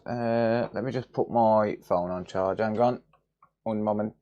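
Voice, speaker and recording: Slow-talking man chatting on stream. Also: on the low side. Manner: relaxed, jokey, reads chat names aloud. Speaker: electronics repair livestreamer. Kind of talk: casual livestream chat, greeting viewers. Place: cluttered home workshop room.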